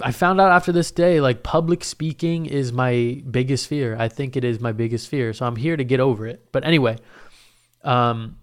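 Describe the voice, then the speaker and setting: Young man, casual storyteller, swears a lot, rambles, smooth voice. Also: medium pitch. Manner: profane, rambling, self-mocking.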